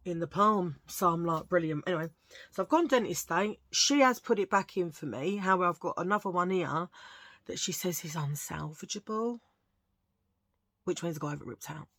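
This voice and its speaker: A woman's voice: lowish voice, fairly bright tone, dry recording. A woman with a Cockney accent, chatting casually to her channel viewers and telling jokey stories full of asides. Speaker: vlogger. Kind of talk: casual chat. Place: at home, sitting under a lamp.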